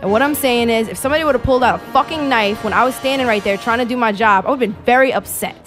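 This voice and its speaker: A woman's voice: on the high side, very fast, music in the background. A woman, co-hosting a podcast and telling casual stories, swearing freely and acting out the people in them. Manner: animated storyteller, swears a lot, acts out voices. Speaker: podcast co-host. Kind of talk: casual chat.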